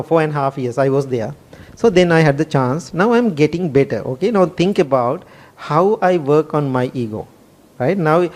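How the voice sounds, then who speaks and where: A man's voice: on the high side, darkish tone. A man, a Buddhist monk, telling stories in a sermon with frequent laughs, non-native grammar and repeated "right?" checks to the listeners. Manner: rhetorical "right?" after many phrases. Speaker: Buddhist monk, temple chief monk. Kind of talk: storytelling sermon.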